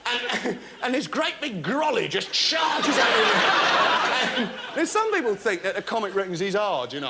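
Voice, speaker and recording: A man doing a stand-up comedy routine, telling his story in an animated, breathless way. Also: sits high, brisk, very noisy. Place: studio stage before a laughing audience.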